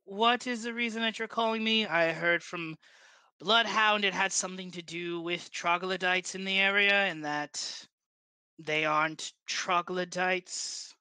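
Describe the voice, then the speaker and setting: A game master voicing a tall, aloof female coroner who speaks curtly and deadpan in a tabletop game. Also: mid-range voice, a little slow, clean tone, dry recording. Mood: dry aloof. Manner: curt, deadpan, dismissive. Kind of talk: tabletop role-play voice.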